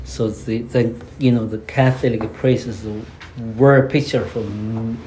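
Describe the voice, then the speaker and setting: A man's voice: medium pitch, fairly even intonation, takes it slowly, warm tone, slight background noise, rough recording. A man leading a home history lesson, chatting loosely and explaining in broken grammar. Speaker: teacher leading a history reading. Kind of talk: casual classroom discussion.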